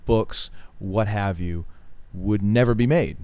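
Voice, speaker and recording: A middle-aged man with a fairly low voice talks casually as a podcast co-host. He rambles from one story to the next, cracks jokes and laughs along the way. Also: slow pace, warm tone, clean tone, no room sound. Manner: rambling, jokey, laughs while telling stories. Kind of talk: casual chat.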